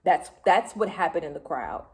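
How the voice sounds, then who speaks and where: A middle-aged woman from Detroit, a music vlogger telling a casual recap to her phone camera, lively, swearing freely and acting out what people said. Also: deep voice, moderate pace. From Detroit, USA.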